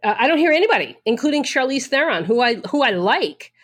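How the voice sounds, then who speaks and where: A woman's voice: sits high, very animated, fast talker. A woman from the Boston area chatting casually as a co-host, blunt, profane and opinionated, with lots of fillers. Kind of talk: casual chat.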